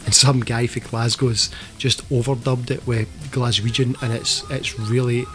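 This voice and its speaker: A man's voice: medium pitch, little pitch movement, a little slow. Man, podcast host, jokey profane banter, faint music underneath. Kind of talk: casual comedic podcast chat.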